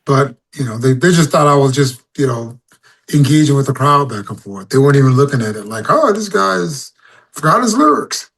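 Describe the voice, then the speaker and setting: A man's voice: mid-range voice, a little fast. A man, a singer-songwriter guest, telling stories casually in an interview and acting out his own stage calls. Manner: animated storyteller, acts out crowd calls.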